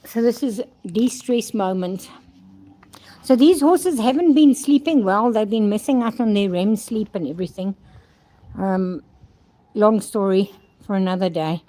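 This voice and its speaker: An older South African woman vlogs casually outdoors at a horse stable, rambling and speaking fondly to her horses. Her mid-range voice is warm and her pace measured. The clip was recorded on a handheld phone.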